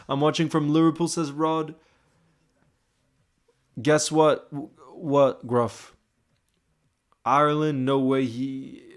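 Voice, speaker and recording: A young man hosting a live stream, chatting casually and greeting viewers by name as he reads their comments. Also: fairly high pitch. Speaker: livestream host.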